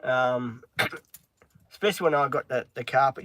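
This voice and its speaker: A man's voice: mid-range voice, unhurried, long pauses, bright, forceful tone, no echo. Man, middle-aged, rambling, filler-heavy, stops to talk to his dog, in a van, dry sound. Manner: rambling, with many filler ums. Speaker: live streamer. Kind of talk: casual live-stream chat. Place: inside a van.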